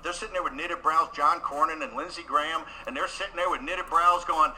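A man giving a combative political rally speech at a conference, repeating phrases for emphasis and rising to shouts. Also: fairly high pitch, fairly quick, rough recording. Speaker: conference speaker.

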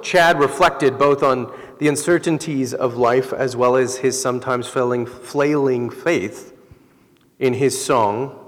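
A man preaching a sermon as pastor, telling stories in a relaxed, conversational way. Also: mid-range voice. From Southern California. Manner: relaxed, conversational storytelling with laughs. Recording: long hall reverb.

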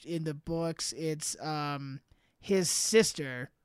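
A man's voice: a little high, very slow, clear, resonant tone, dry recording, studio quality. A man co-hosting a podcast in casual chat, laughing often, joking and swearing freely. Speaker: podcast co-host.

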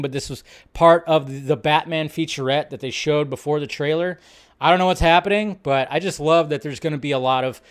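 A man's voice: fairly high pitch, clean tone. A man hosting a live stream, chatting casually and rambling as he reacts to tweets and trailers. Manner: rambling, restarts sentences, reacts aloud. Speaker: host.

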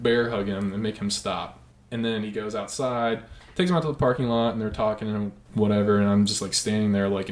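A young man telling a long, profane story in a casual podcast chat, animated and swearing freely. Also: lowish voice, roomy sound.

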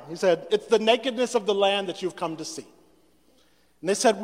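A male pastor delivers a sermon fast and in a high pitch, stumbling over repeated words and performing the voices in the scripture. He's in a church sanctuary, and the hall gives the recording a long reverb.

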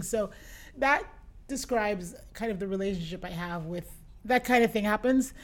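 A middle-aged woman who owns a boutique, chatting as an interview guest and telling lively anecdotes, often acting out what her customers said. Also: medium pitch, moderate pace. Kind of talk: casual interview storytelling.

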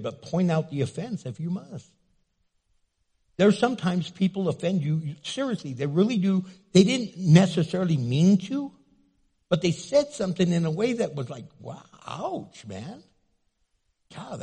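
A man preaching a sermon as pastor, animated and jokey, acting out the quotes he tells. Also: on the high side, husky. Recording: echoey hall reverb.

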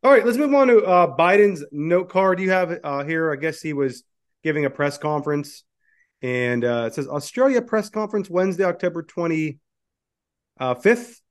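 A man co-hosting a podcast, reading news items aloud and chatting, with frequent "uh" pauses. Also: fairly high pitch, lively intonation. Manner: drawling, many "uh" pauses. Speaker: podcast co-host. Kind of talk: casual political chat, reading news aloud.

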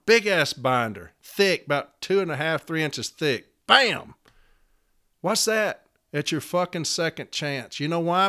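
Union man with a forceful voice, mid-range pitch, speaking with profane, fervent urgency to the rank and file. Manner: fervent, profane storytelling, from loud pleading to quiet recollection. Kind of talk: impassioned personal speech to union members.

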